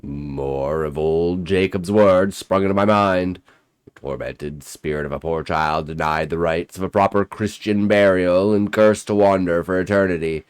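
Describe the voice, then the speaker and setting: A man's voice: very deep voice, steady tone, moderate pace, smooth, no echo, clean studio sound. A man giving scripted first-person horror narration with a dramatic, intense delivery. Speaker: storyteller.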